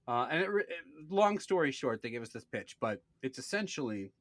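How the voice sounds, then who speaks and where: A man in his thirties tells a story on a casual podcast. He slips into voices for the people he quotes and swears freely. His pitch sits mid-range, and the sound is close and dry with no room echo. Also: big pitch swings, fairly quick, a bit bright. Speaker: podcast co-host.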